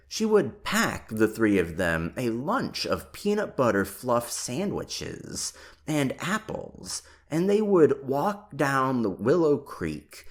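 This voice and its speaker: Audiobook reader, slow and deliberate, very lively, expressive pitch, unhurried narration.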